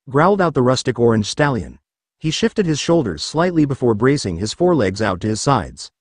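A man reading a fan story aloud as scripted narration, with an expressive delivery. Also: medium pitch, a little fast, dry recording. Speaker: story reader.

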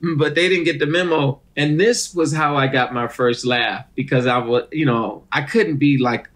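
A middle-aged man, a comedian guest telling animated stories in a casual interview. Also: a little high, normal speed. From Detroit, USA. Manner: animated storyteller who acts out other people's voices.

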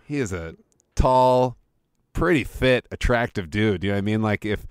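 A man's voice: lowish voice, lively intonation, moderate pace, smooth, dry recording, clean studio sound. A man co-hosting a podcast in casual chat, playful and joking. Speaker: podcast co-host.

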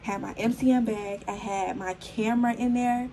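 A young woman in her twenties, slightly hoarse, chatting casually to the camera in a vlog filmed on her phone at home, full of fillers and calling viewers y'all. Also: a little high, fairly even intonation, moderate pace, mellow, a little hiss or hum, low-quality recording. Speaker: vlogger.

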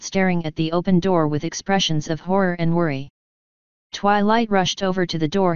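A woman reads a fan story aloud at a steady, even pace. Her voice is low and very smooth and clear. The recording is dry and close, but dull and lo-fi. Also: no echo. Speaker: fanfiction reader. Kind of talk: story narration.

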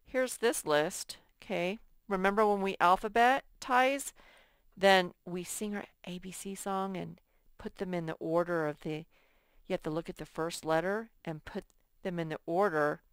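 A woman teaching a first grade lesson in a slow, patient, sing-song way. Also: on the low side, clean tone, no echo. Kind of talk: recorded classroom lesson.

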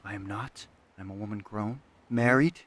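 A man playing a grieving, obsessive woman artisan, pleading at times and loudly demanding at others. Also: fairly low pitch, moderate pace, lightly acted. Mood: defiant. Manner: pleading, then loud and demanding.

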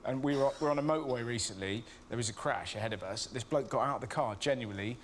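A man with an English accent, a comedian guest on a chat show, telling animated anecdotes and acting out the people in them. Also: mid-range voice, fast, a little hiss or hum. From England. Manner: animated storyteller, acting out voices, laughing.

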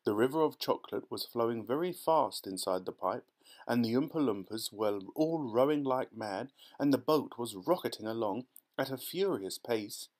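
A man narrating a children's storybook audiobook in a steady, expressive reading voice. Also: mid-range voice, normal speed.

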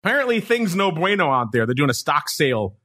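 Bright-voiced joking male podcast host. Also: on the high side, sing-song, quick pace. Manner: playful, teasing, rattles off trading figures. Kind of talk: casual market show talk.

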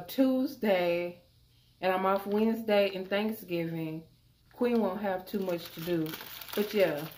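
A woman's voice: medium pitch, darkish tone, slight background noise. A young woman chatting casually to viewers about her grocery haul, calling them y'all. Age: young adult. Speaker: vlogger.

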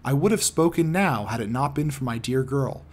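A man reading the part of a dying older man who confesses in an earnest, heavy way, in a husky voice. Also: mid-range voice, lively intonation, normal speed, close to an everyday voice. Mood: anguished. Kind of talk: audiobook character reading.

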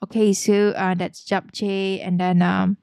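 A young woman hosting a let's play, narrating a life-sim game in a bubbly, excitable way. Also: medium pitch, a little slow, vocal fry, no echo, studio quality. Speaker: gaming channel host.

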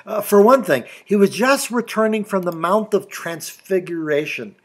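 A man's voice: sits high, animated, moderate pace. A middle-aged male pastor giving a sermon in a conversational preaching style, often asking his listeners rhetorical questions. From Canada.

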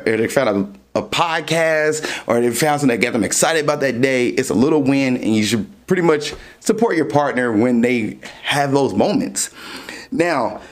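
A man hosting a dating podcast, casually explaining ideas through everyday examples. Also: mid-range voice. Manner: explains through everyday examples, animated when acting out scenes.

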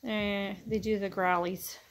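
A woman dog breeder filming her puppies, chatting casually to viewers and praising the pups in a high sing-song voice. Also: little pitch movement, a little slow, a little hiss or hum. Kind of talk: casual vlog narration while filming puppies.

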